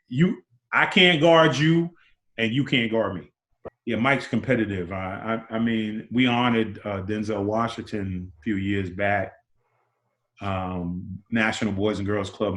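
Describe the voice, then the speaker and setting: A man in his sixties with a low voice tells stories as an interview guest. He acts out other people's lines with sudden leaps in pitch and repeats words as he builds up. The sound carries a roomy echo. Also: fairly even intonation, a little slow, fairly bright tone. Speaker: interview guest, former basketball player. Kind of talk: animated storytelling.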